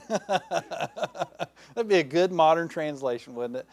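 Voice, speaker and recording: A man preaching a folksy, lively sermon, with playful asides to the congregation. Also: on the high side, very slow. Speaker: pastor. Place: church sanctuary.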